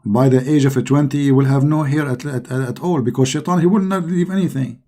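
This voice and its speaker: A middle-aged man talks through a scoffing monologue, heavy with sarcasm and loose, non-native grammar. His voice sits low in brightness, mellow and a little husky. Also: brisk. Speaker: online commentator. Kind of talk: mocking religious-critique monologue.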